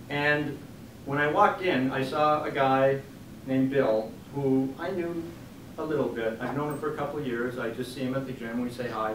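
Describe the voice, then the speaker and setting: A man, an author giving a book reading, telling a story in an animated way and acting out the quotes. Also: medium pitch, slight background noise. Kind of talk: storytelling talk. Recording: echoey room from a distant mic.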